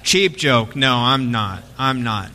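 Bright-voiced pastor in a reverberant church. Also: male voice, medium pitch, animated, slow pace, slight background noise. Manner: conversational storytelling with jokes. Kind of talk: sermon. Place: church sanctuary.

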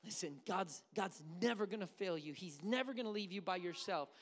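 A man preaching a sermon to a church, building to shouted, drawn-out emphasis. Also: animated, long reverb tail. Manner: impassioned, shouting climaxes, slowing for emphasis; drops to a soft, low near-whisper at the close. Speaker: pastor.

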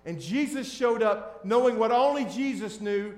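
A man preaching as a pastor, shifting between hushed, tender lines and loud, emphatic ones. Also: sits high, animated, normal speed, roomy sound. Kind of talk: sermon.

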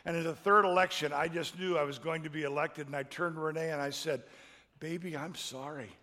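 A middle-aged man preaching a sermon, telling a personal story in an emotional way that builds to loud, impassioned peaks. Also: fairly high pitch, fairly even intonation, fast, long reverb tail. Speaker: pastor.

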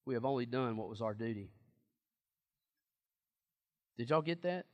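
A man's voice: medium pitch, animated, a little slow, darkish tone, highs cut off. A man preaching a sermon in a conversational, emphatic way and asking the congregation questions.

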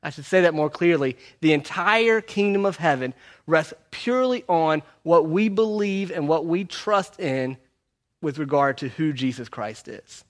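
Man preaching, conversational, repeats key lines, a bit high-pitched. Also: animated, measured pace. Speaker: pastor. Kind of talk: sermon teaching through a book.

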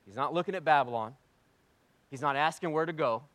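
A male pastor preaching a sermon, swinging between hushed and loud delivery and asking rhetorical questions he answers himself. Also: a little high, fairly quick, no room sound.

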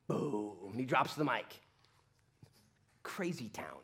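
A man preaching a sermon, swinging between loud outbursts and quiet asides and acting out quoted voices. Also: medium pitch, lively intonation, moderate pace, breathy edge. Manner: acts out quoted voices of God and listeners. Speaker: pastor.

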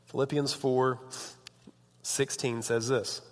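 A man's voice: mid-range voice, flat delivery, slow. A man in his thirties giving a casual, joking sermon as a youth pastor, chatty and often breaking off mid-sentence. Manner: chatty, joking, self-interrupting. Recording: long reverb of a large hall.

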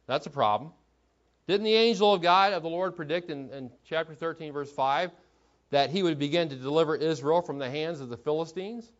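A man preaching a sermon in an earnest teaching tone, asking rhetorical questions and often restarting his phrases. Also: on the high side. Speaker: pastor. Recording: dull lo-fi recording.

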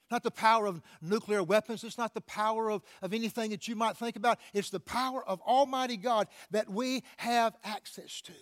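A pastor preaching a sermon, often calling out to the congregation for an amen, with frequent restarts and repeated words. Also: male voice, high voice, fairly bright tone. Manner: preaching with call-outs to the congregation.

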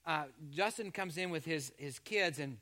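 A man's voice: a little high, normal speed, bright, forceful tone. A man from Canada, a pastor delivering a sermon in a chatty, joking way that teases the congregation. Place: church service before a congregation.

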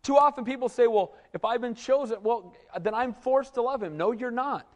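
A man's voice: very high voice, normal speed, big-room sound. A man preaching a sermon as a pastor, talking conversationally and often tossing "right?" to the congregation. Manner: animated, conversational preaching with frequent "right?" asides. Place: church.

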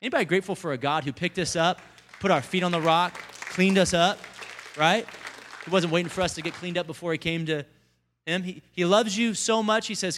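A pastor giving a lively, conversational sermon to a congregation, calling out to the people in front of him. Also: male voice, high-pitched, fairly quick, some chatter behind, slight background noise. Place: church service before a congregation.

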